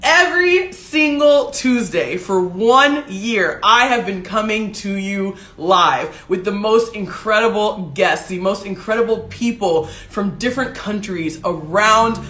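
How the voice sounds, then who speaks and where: A woman hosts her own livestream from a desk setup with a ring light, speaking to viewers in an emotional, tearful, effusive way. Her mid-range voice is fairly bright with lively intonation, a little slow with few pauses, in an echoey room.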